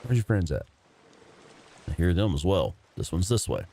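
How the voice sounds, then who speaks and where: This fifties-aged man does relaxed let's play commentary, his low-pitched, sing-song voice dark in tone and moving at normal speed. Laughter and free swearing run through it, and there's a little hiss or hum on the recording.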